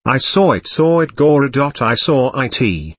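Une tante d'âge mûr inquiète et vite bouleversée, que joue un homme, dans un conte lu à voix haute. Elle parle d'un ton agité, la voix voilée. Le son est sec et proche. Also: male voice, mid-range voice, sing-song, unhurried, breathy edge, no echo. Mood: flustered. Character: worried middle-aged aunt, easily shocked.

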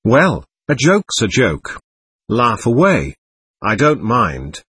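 A man voicing a grave, deliberate grizzled peasant in an audiobook, with a slightly husky voice. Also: mid-range voice, huge pitch swings, fairly bright tone, exaggerated voice. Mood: calm.

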